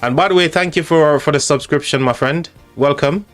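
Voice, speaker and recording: A man with an English accent hosting a live stream, chatting casually in a halting way with frequent restarts. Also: fairly high pitch, soft background music.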